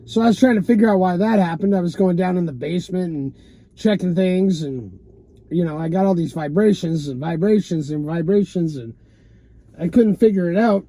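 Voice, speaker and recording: A man's voice: high voice, normal speed, mellow, dry recording. A man telling his own story in a loose, rambling monologue from a parked car, full of "you know" and "man" and casual swearing. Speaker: vlogger telling a personal story.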